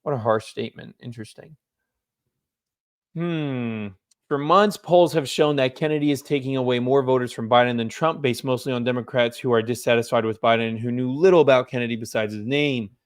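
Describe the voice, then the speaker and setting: A man doing casual political commentary, reading news articles aloud and breaking off with low-key reactions and asides, yawning now and then. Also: fairly quick, smooth.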